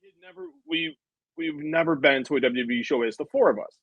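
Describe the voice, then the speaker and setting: A man in his thirties with a slightly higher voice tells a winding story about a family outing, full of asides and quoted lines. The sound is close and dry, with no room around it. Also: quick pace, no echo, muffled recording. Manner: rambling, animated anecdote with many asides. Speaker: interviewer. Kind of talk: casual interview storytelling.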